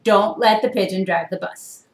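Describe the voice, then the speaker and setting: A woman's voice: mid-range voice, fairly even intonation, moderate pace, close to an everyday voice. A woman doing a chatty bus driver. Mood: cheerful. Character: friendly man bus driver. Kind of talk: picture book read-aloud. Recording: echoey room.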